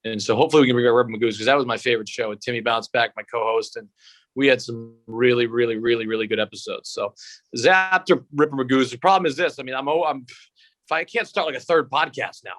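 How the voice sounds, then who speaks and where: A man's voice: medium pitch, quick pace, a bit bright, dry recording. A young man telling stories as a guest over a video call, swearing freely and rambling. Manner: profane, rambling storytelling. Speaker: guest, sportscaster-style comedian.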